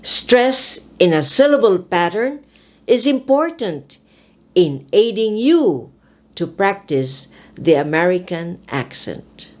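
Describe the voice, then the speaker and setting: A woman teaching English pronunciation, speaking with deliberate, emphatic enunciation. She talks at a very slow pace. Her pitch swings widely up and down as she stresses each word. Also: a little mellow. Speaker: speech teacher and host.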